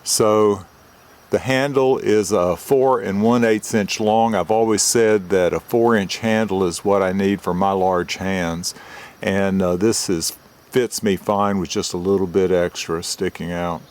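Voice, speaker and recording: An older man, a retired forester, gives a methodical show-and-tell review of a knife outdoors. He explains each detail slowly and plainly into a camera mic. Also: deep voice, steady tone, a little mellow. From United States.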